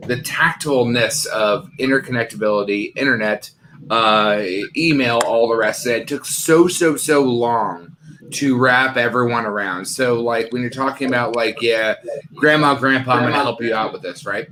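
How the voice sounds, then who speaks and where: A man's voice: mid-range voice, unhurried, a bit bright, a little hiss or hum, low-quality recording. A man on a casual live online show, rambling with many fillers like "like" and "right". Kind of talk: casual chat.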